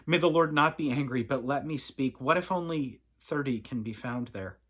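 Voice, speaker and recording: A man's voice: mid-range voice, normal speed, fairly bright tone, husky. A man reading the lines of a humble aged patriarch, pleading earnestly and hesitantly.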